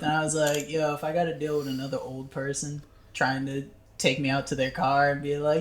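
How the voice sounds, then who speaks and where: A young man with a bright, forward voice tells a story in a casual podcast chat. He laughs as he goes and acts out the people in it. The room adds a noticeable echo. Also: on the high side, little pitch movement, fairly quick, a little hiss or hum. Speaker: podcast co-host.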